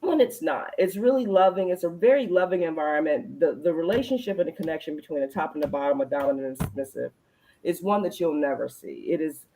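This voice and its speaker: A woman hosting a casual adult chat, telling stories in an animated way, acting out her own reactions and swearing freely. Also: low voice, fast talker, rough recording. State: recalls being pregnant at the time, not now. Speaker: podcast host.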